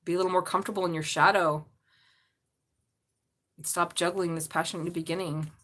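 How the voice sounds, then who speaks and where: A woman doing a live tarot reading. Her talk is chatty and excitable, with offhand swearing and constant asides to the viewers. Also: lowish voice, a little fast. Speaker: tarot reader.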